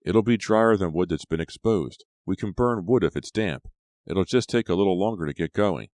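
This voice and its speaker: A man voicing a cheerful but stern camp advisor in an audiobook, loud and bossy. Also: sits low, normal speed, no echo, pitched above the performer's own voice, lightly acted.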